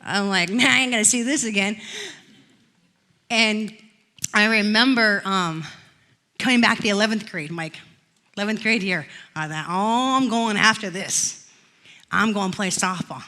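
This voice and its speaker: A woman pastor preaching a sermon in church, telling stories and rising into loud declarations. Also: mid-range voice, unhurried, long pauses. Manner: storytelling, swells to loud declarations.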